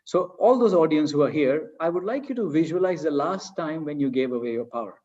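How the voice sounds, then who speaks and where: A man's voice: fairly high pitch, animated, brisk, darkish tone, lo-fi sound. A man giving an earnest online coaching talk, acting out everyday excuses in little quoted voices. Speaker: leadership coach.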